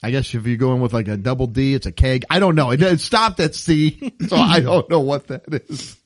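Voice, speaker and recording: A man's voice: mid-range voice, moderate pace, no echo. A man co-hosting a comedy podcast, reading odd news stories aloud and joking about them with frequent laughs. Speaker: podcast co-host. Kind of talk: casual comedy podcast chat.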